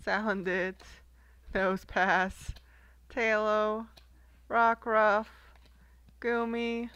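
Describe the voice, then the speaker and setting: A woman's voice: medium pitch, fairly bright tone, clear, resonant tone, no room sound, muffled recording. A young woman casually chatting as she opens trading card packs, giggling often and reading card names aloud. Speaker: card collector vlogger. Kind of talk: casual unboxing chat.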